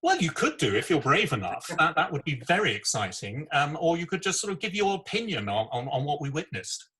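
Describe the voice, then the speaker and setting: A man's voice: fairly high pitch, very animated, a little fast, bright, forceful tone, breathy edge, low-quality recording. A man hosting a radio chat, talking hesitantly with many "sort of" fillers. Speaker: radio host.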